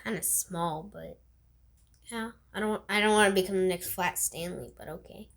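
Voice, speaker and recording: A woman's voice: fairly low pitch, normal speed, creaky. A young woman co-hosting a casual chat, playful and teasing.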